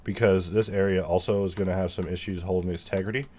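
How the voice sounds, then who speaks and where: Low-voiced man joking through a modeling session. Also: fairly even intonation, fast talker, mellow. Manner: rambling, joking, self-mocking asides. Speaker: 3D modeler teaching his workflow. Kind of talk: casual commentary while modeling on screen.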